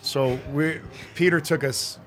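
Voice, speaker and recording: A former pro hockey player, a man, telling an animated anecdote in casual chat and acting out the dialogue. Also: a little high, slow pace.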